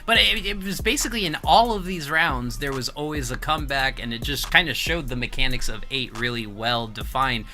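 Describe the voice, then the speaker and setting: A man commentating a fighting game tournament stream, energetic and hype-building, with jokey asides. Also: mid-range voice, fairly quick, few pauses, soft background music. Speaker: esports commentator.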